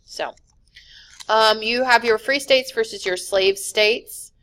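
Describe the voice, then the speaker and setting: A woman teacher giving a recorded history lecture over slides, talking casually with many fillers and quick self-corrections. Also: on the high side, a bit bright. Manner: casual, many "um"s, corrects her own slips. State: yawning, sleepy.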